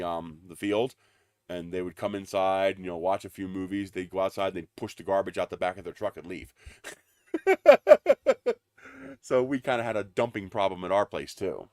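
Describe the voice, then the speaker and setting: A man's voice: low-pitched, dry recording, clean studio sound. A man hosting a live stream, telling a story in a casual, indignant way. He swears freely, laughs between lines and stumbles over repeated starts. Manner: lots of fillers and repeated starts. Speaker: livestream host.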